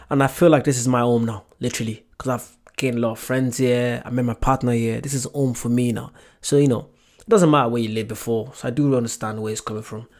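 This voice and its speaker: A man's voice: medium pitch, a little mellow. A man hosting a reaction video, chatting casually and enthusiastically.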